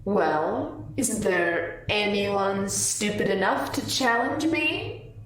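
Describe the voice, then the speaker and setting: A woman's voice: on the low side, takes it slowly, slight background noise. A woman voicing a cruel, cocky male card gambler who taunts with a sneering drawl. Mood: mocking. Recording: roomy distant mic.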